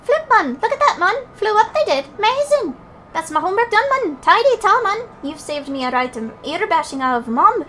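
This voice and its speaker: Slangy young Welsh fairy boy, played by a woman, high and excitable. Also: moderate pace, slight background noise, full character voice. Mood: excited. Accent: put-on Welsh. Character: cheeky young male fairy schoolkid.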